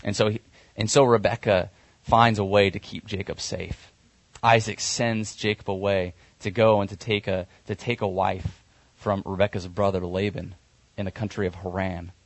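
A man's voice: lowish voice, steady tone, moderate pace, dry recording. A man preaching a sermon, retelling a Bible story in a conversational way, with fillers and self-corrections.

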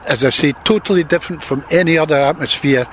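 Measured older man. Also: on the high side, a bit bright, slight background noise. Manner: measured, hesitant, with many fillers. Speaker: former footballer. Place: outdoors by a stadium.

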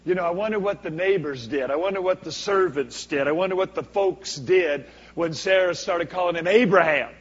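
A man preaching a sermon as a guest speaker, swinging from booming to hushed for dramatic effect. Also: normal speed, hardly any pauses, slightly rough. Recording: echoey hall, dull lo-fi sound.

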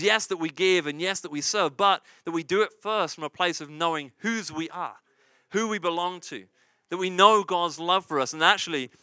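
Recorded dry, this preacher has a high, sharp voice and talks to his congregation conversationally. He often asks "right?", says "you see," and restates key lines for emphasis.

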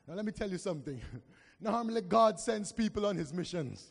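A man preaching a sermon with impassioned, drawn-out delivery and call-and-response with the congregation. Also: sits high, expressive, vocal fry, breathy edge. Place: church. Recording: long reverb of a church hall.

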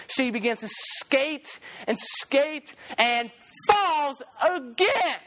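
A preacher with a high voice tells a story in a sermon. The delivery is animated, and key phrases are repeated for emphasis. Lines of song slip into the telling.

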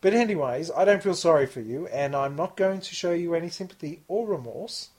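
A man's voice: fairly high pitch, brisk, darkish tone, husky. A man reads odd news stories aloud on a casual podcast. He keeps breaking into laughter and joking asides between the lines. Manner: jokey, laughs often while reading.

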